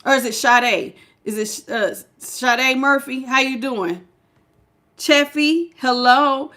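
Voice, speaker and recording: A woman's voice: high-pitched, slow pace, pushed and bright. A woman giving a casual live-stream tarot reading, chatty and frank, greeting viewers by name. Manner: frank and familiar, calls viewers y'all, child and baby.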